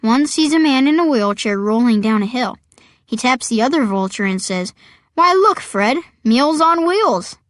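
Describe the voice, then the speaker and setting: A woman's voice: fairly high pitch, expressive, moderate pace, dry recording, clean studio sound, close to an everyday voice. A woman voicing a cheerful middle-aged aunt who titters and giggles, reading an audiobook. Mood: storytelling. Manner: bright tittering delivery.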